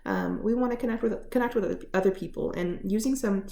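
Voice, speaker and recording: Gentle woman teaching from home. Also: medium pitch, fast talker, creaky, roomy sound. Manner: gentle, explanatory, many fillers. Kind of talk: casual home lesson on feelings. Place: living room.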